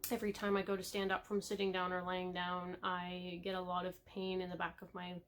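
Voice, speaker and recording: A young woman talking casually to camera in a hobby vlog, rambling with lots of ums, laughing softly and getting a little emotional. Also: on the low side, monotone, brisk, slight background noise. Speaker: cross-stitch vlogger.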